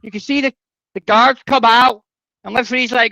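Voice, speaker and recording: A man's voice: extremely high pitch, fairly even intonation, brisk, vocal fry, pushed and bright, no room sound, poor audio. Brash sweary Scottish man. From Scotland. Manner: brash, sweary, talks over others. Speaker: streamer. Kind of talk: casual livestream chat.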